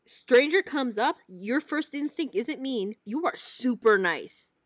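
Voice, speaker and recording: A young woman in casual chat, blunt and animated, swearing often as she tells stories. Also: on the high side, slow, no echo, clean studio sound.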